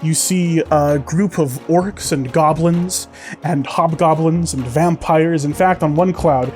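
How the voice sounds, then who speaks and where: A man's voice: fairly high pitch, steady tone, slow pace, a little mellow, soft background music. A man narrating as game master, describing scenes vividly with many fillers.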